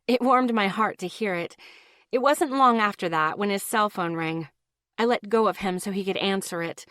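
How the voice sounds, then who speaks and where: A woman's voice: medium pitch, normal speed, a bit bright, dry recording, clean studio sound. A woman reading a first-person audiobook in a casual, lightly wry tone. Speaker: audiobook narrator.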